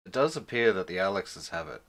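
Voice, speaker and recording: A man's voice: low voice, expressive, fairly quick, a bit bright. A man hosting a casual chat show, joking, boasting and swearing freely. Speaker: podcast host.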